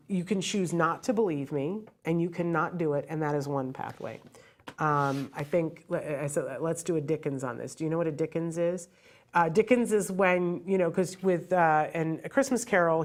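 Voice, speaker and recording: A middle-aged woman host giving earnest, heartfelt advice to parents in a direct, emphatic way. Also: low voice.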